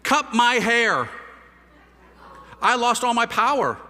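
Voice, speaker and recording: A priest telling his conversion story to an audience, a lively storyteller using casual slang and rhetorical questions. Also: extremely high pitch, slow pace. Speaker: priest giving a conversion testimony. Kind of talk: animated testimony talk to an audience. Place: large hall with a live audience. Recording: reverberant hall.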